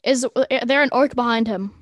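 A woman's voice: fairly high pitch, moderate pace, no echo, clean studio sound. A woman playing a tabletop game, chatty and playful, cracking jokes as she plays. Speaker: player.

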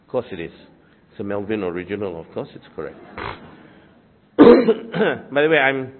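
A man's voice: lowish voice, wildly swooping pitch, a little slow, a little hiss or hum. A male pastor preaching a sermon, wry and conversational, at the tail end of a cold with occasional coughs. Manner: wry, self-deprecating humor with conversational asides. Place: church. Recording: tinny phone-like sermon recording.

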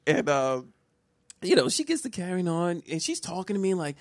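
A man's voice: high voice, big pitch swings, normal speed, dry recording, clean studio sound. A man telling a comic personal story on a podcast, laughing a lot and restarting his sentences. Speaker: podcast co-host. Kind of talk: comedic storytelling chat.

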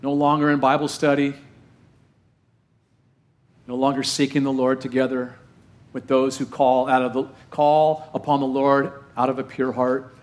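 A man preaching a sermon as pastor, full of rhetorical questions and emphatic repetition, slowing down to stress key phrases, with playful asides. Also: medium pitch, level tone. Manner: playful asides and self-deprecating humor.

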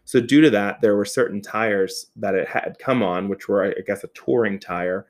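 A man telling a personal story in a casual, animated way, swearing often and laughing as he goes. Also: fairly low pitch, moderate pace.

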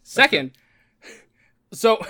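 Give me a giggly, excitable podcast voice. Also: very slow. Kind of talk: casual chat.

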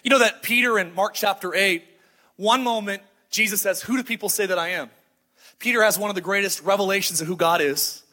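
A middle-aged male pastor preaching with a high, bright voice that rings out over the congregation. He talks in a loose, conversational way and slips into the voices of the people in his stories. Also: a little fast. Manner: conversational storytelling, acts out quoted voices. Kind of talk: sermon. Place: church sanctuary before a congregation. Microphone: handheld microphone.

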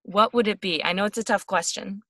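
A woman's voice: mid-range voice, fairly quick, sharp tone, no room sound, clean studio sound. A woman hosting an interview, giving short encouraging reactions and asking questions. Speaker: host. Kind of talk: casual interview.

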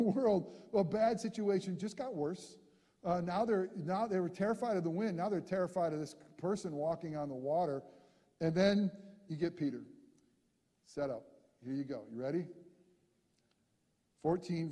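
A man preaching a sermon, telling a scripture story with lively acted-out voices and sudden drops to a hush. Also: sits high, big-room sound. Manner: animated storyteller, acts out characters, shifts from loud to hushed. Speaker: pastor.

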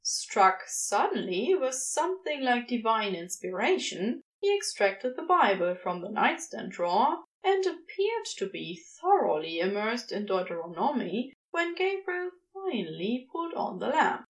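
A woman reading a story aloud as narrator, with expressive delivery. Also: fairly high pitch, measured pace, few pauses, rough recording. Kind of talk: scripted narration.

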